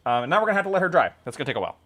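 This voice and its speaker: A man's voice: a little high, very animated, racing, fairly bright tone. A man hosting a hobby stream, chatting casually and rambling with jokes while he paints miniatures. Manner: jokey, rambling, laughs at own jokes.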